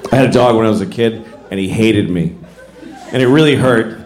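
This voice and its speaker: A middle-aged man doing stand-up comedy, telling stories and acting out characters with big jumps in his voice. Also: brisk. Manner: animated storytelling, acts out characters with big pitch jumps. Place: comedy club stage with audience. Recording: roomy live venue with noise.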